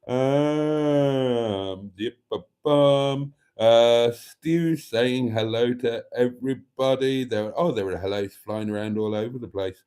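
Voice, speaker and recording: Wry, mellow-voiced man streaming. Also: medium pitch, measured pace. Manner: wry, theatrical, calls viewers darlings; relaxed and a bit rambling, sipping wine. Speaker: channel host. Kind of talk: live stream chat reading viewer comments.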